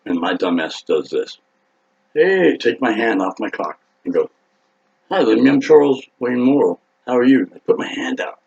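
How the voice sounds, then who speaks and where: A rock singer in his fifties tells a rambling, profane anecdote in casual storytelling, laughing and acting out voices. His voice is fairly low-pitched, husky, and full of vocal fry. The recording has a dull, lo-fi sound.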